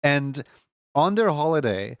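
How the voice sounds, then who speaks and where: A man's voice: a little high, sing-song, unhurried, clear, resonant tone, no room sound. Young male streamer, rambling casual chat, dry close sound. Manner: rambling, heavy filler words, laughs often. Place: home room.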